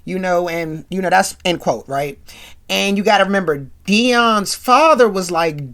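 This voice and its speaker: Animated rambling woman recapping a show. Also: fairly low pitch, measured pace. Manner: rambling, animated, full of asides. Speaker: podcast host. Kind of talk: casual episode recap commentary.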